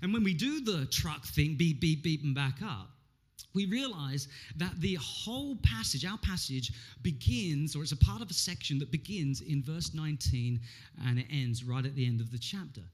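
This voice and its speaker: A man in his thirties preaching a lively, humorous sermon, acting out voices and jokes as he goes. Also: fairly high pitch, normal speed. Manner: animated, humorous, acts out quotes. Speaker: pastor.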